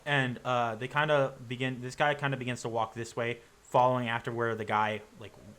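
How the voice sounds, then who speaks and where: Bright, halting game master man. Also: medium pitch, flat delivery. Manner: casual, halting, full of fillers. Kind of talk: narrating a tabletop game.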